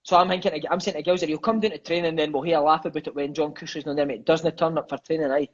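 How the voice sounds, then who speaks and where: This Scottish man in his thirties, once a footballer, tells stories in a casual chat, his voice a little high and his pace quick. He's lively, swears freely, and keeps slipping in "mate" and "eh." The sound is lo-fi.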